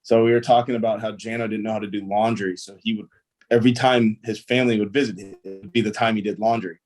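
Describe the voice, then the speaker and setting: A man's voice: fairly low pitch, steady tone, quick pace, a little mellow. A young man, a pro ballplayer, telling stories in a casual interview, easygoing and rambling with lots of fillers. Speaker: guest, pro baseball player.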